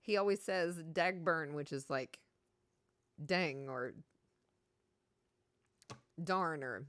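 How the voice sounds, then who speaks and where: A woman's voice: low-pitched, slow, a bit bright, smooth, no room sound. A middle-aged woman with a Kentucky Southern accent, chatting casually and giggling with her live-stream viewers.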